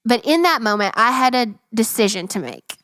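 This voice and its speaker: A woman's voice: on the high side, expressive, moderate pace, a bit bright, no room sound, clean studio sound. A young woman hosting a casual Christian talk, earnest and practical, dotting her talk with "like" and "right?". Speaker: faith podcast host.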